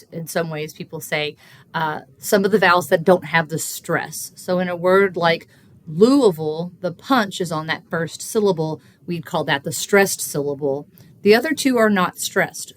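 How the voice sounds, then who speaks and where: A woman researcher explaining language in an interview, measured and teacherly, with frequent fillers. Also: lowish voice. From Kentucky. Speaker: linguistics researcher guest.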